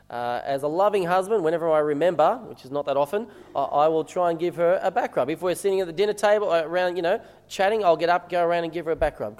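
A man's voice: a little high, a little mellow, big-room sound. A man preaching a sermon as a minister, talking conversationally and asking the congregation rhetorical questions.

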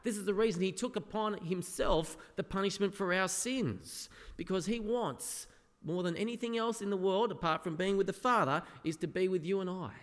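A man's voice: high voice, normal speed. Earnest male preacher in an echoey hall. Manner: earnest, dropping to soft quiet tones for quotes. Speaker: pastor. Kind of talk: sermon. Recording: echoey hall with long reverb.

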